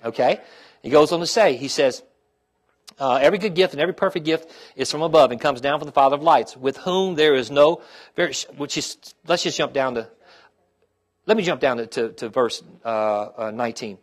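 Preaching at a slightly high pitch and a fairly quick clip, a middle-aged pastor keeps asking his listeners "okay?" and "amen?" When the talk turns to his personal trials, he grows quiet and heartfelt.

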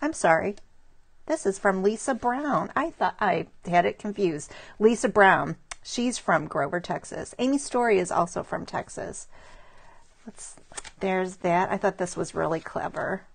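A woman's voice: medium pitch, unhurried, vocal fry, slightly rough. A middle-aged woman talks through a pile of handmade cards on a casual live stream. She sounds admiring and chatty, and she greets viewers by name as she goes. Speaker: stamping demonstrator showing cards to live viewers. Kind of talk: casual live craft show-and-tell.

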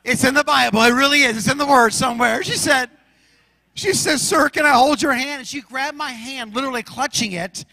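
A man's voice: very high-pitched, brisk, creaky, pushed and bright, dry recording, big-room sound, low-quality recording. A male pastor preaching a sermon, emphatic, and slipping into chatty storytelling. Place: large church sanctuary.

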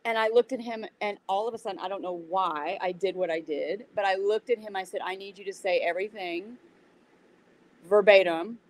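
A woman guest in an interview, telling a story in a casual, animated way and acting out what people said. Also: mid-range voice, brisk, few pauses, rough recording. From United States. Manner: animated retelling with acted-out quotes. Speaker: interview guest, yoga teacher.

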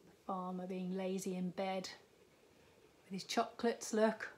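Woman teacher, storytime read-aloud for small kids, slow and gentle, faint background ambience. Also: mid-range voice, level tone, a little hiss or hum. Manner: gentle, unhurried, with asides to the children. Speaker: primary school teacher. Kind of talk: reading a picture book aloud to young children.

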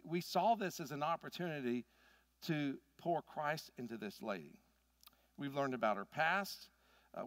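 A middle-aged man preaches in a relaxed, storytelling way, leaning into his points as they build. His voice sits a little high for a man. The sound is dry and close, with no room echo. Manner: conversational storytelling, rising emphasis. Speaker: pastor. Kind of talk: sermon with personal stories.

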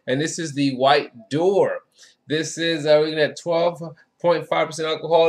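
Man, wine review vlog host, slightly high voice, chatty, enthusiastic. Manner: chatty, enthusiastic, lots of "you know". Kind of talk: casual wine tasting review.

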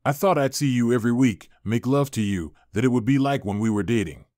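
A man's voice: mid-range voice, a little fast, darkish tone, no echo, clean studio sound, lightly acted. A man reading the lines of a young estranged wife, heated and pleading, in a story reading. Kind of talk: audiobook character reading.

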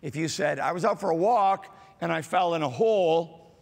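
Male pastor, gravelly, slow, halting sermon delivery, echo of a large church hall. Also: fairly high pitch. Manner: slow, halting delivery with many fillers, rising to emphatic repetitions. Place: church auditorium. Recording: large hall with long reverb.

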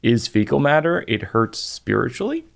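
On his podcast, a middle-aged comedian spins a humorous tale with dry self-deprecation and playful tangents. He has a mid-range, sing-song voice with some vocal fry, moving at a moderate pace.

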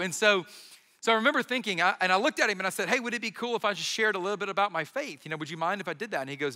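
A man's voice: high voice, very fast, bright, forceful tone, in a large hall. A man, a pastor, giving a sermon in a conversational, storytelling way with bits of humor.

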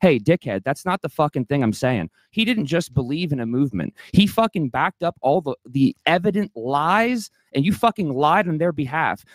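A man's voice: on the high side, no echo. A man ranting heatedly as a livestream guest, swearing a lot and restarting his sentences. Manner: profane, agitated, rambling with many restarts.

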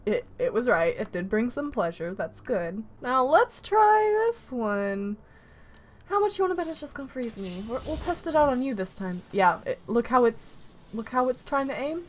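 Gamer girl doing let's play commentary, high voice, bouncy, lots of giggles. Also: normal speed, slight background noise. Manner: excitable, giggly, chatty.

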